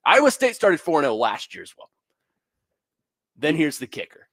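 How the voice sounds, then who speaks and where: A man's voice: on the high side, moderate pace, dry recording. A young man co-hosting sports radio in a studio, telling stories with sarcasm and lots of fillers. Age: young adult. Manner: animated storyteller, sarcastic, full of fillers. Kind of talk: sports talk radio banter.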